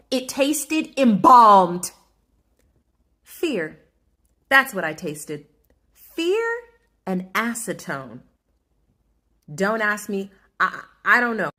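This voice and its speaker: Woman food vlogger ranting, super dramatic, bright punchy voice. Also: medium pitch. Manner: dramatic, exaggerated, storytelling with laughs. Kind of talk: comedic restaurant review rant.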